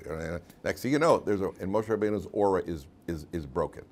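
Animated rabbi teaching a class. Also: male voice, low voice, fast, few pauses. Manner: animated, acts out quotes in put-on voices, laughs often. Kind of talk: lively Torah class.

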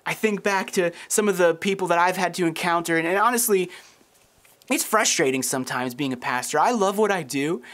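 A pastor in his thirties preaches a sermon in a high, fairly bright voice at a brisk pace, telling stories and acting out the voices of the people in them.

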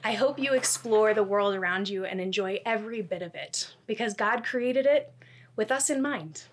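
A woman's voice: mid-range voice, moderate pace, slight background noise. A woman leading a children's message in an online church service, telling a Bible story.

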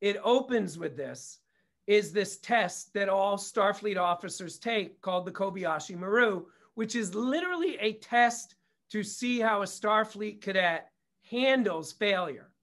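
A man's voice: high voice, lively intonation, a little slow, fairly bright tone. A middle-aged man, a guest on an interview show, telling family stories in a casual, candid way, swearing freely and wandering into asides. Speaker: guest, comedy producer and director.

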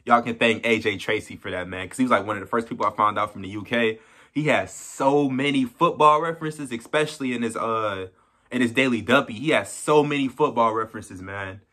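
A man hosting a music reaction, talking fast and excited in slang and repeating his points over and over. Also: medium pitch. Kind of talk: hyped reaction commentary. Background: faint hip hop track playing.

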